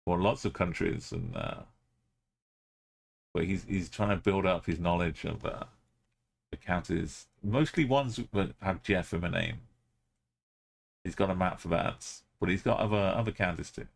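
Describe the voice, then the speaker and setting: A man's voice: low-pitched, measured pace, vocal fry, long pauses. A man streaming a game live, thinking aloud as he plays and chatting with his viewers.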